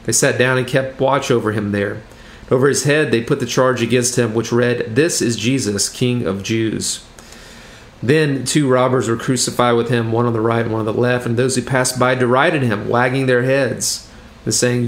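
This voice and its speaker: A man, a pastor, giving an evening sermon, reading scripture aloud and explaining it in a measured way, with halting restarts. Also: medium pitch, little pitch movement.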